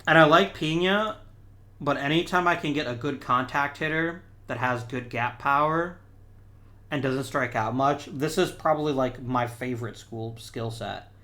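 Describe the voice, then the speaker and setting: A man's voice: mid-range voice, a little slow, bright, forceful tone. A man hosting a gaming channel, thinking aloud in casual let's-play commentary and talking to the players on screen.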